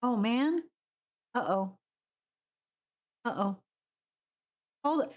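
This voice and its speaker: A woman's voice: sits high, lively intonation, unhurried. A woman streaming a video game, chatting casually with her viewers and giggling often. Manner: chatty, giggly, greets chat. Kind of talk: live game commentary.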